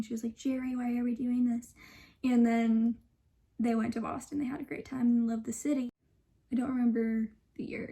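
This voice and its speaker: A woman's voice: on the high side, warm tone. A young woman telling a personal story in a casual, chatty vlog, full of asides, dropping into whispers for quoted lines. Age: young adult. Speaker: vlogger.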